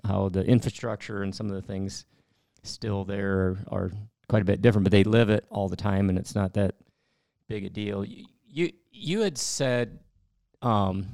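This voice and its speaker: A man's voice: fairly low pitch, gravelly, darkish tone, no echo, clean studio sound. A man hosting a casual interview, asking rambling questions and restarting them often. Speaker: host.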